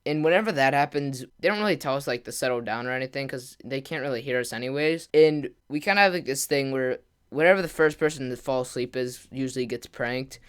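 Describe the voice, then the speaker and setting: This man has a clean, medium-pitched voice with a fairly bright tone. He's a gaming vlogger doing a rambling storytime to camera, full of "like" and "kinda" fillers, and he mimics his friends' lines in quick bursts.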